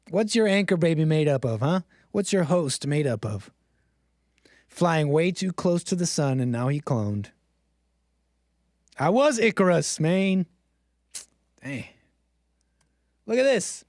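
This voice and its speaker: A man with a fairly high, darkish voice hosts a livestream, joking and poking fun at himself as he talks to his chat in a casual monologue. The sound is clean studio quality with no room sound.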